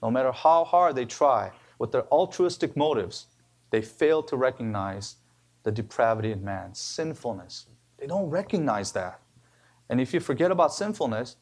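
A man preaching a sermon as pastor, emphatic, his voice rising on key words and dropping low at the ends of phrases. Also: darkish tone. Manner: emphatic preaching with rises and sudden drops.

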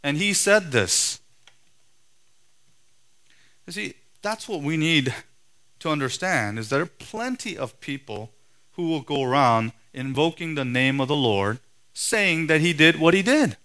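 A man preaching a sermon in a forceful, emphatic way, his voice swelling loud and then dropping low. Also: sing-song, a little slow, pauses often. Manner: forceful, emphatic preaching with sharp rises and drops in loudness.

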